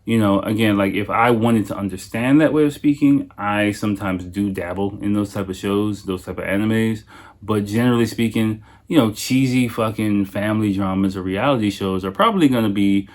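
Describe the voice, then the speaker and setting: A man's voice: on the low side, steady tone, moderate pace. A man in his thirties, a native English speaker hosting a casual solo podcast, telling stories animatedly, swearing freely and laughing often. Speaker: podcast host.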